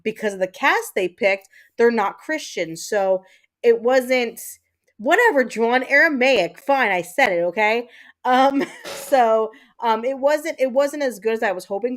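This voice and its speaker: A woman hosting a livestream, chatting casually with her viewers in a rambling way, full of fillers and the odd swear word. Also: a little high. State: mentally exhausted. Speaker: livestream host. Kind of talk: casual chat with live viewers.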